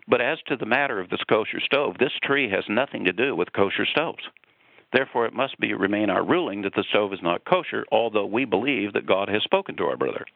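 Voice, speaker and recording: A stern elderly chief rabbi, put on by a man telling a joke, speaking in a solemn, formal way. His voice sits low and has a gravelly edge. It comes through a tinny phone line. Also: lively intonation, fairly quick, no echo.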